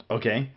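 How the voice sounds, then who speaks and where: A man from Missouri co-hosting a casual gaming chat show, rambling with many restarts, fillers and laughs. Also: dull audio. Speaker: podcast co-host.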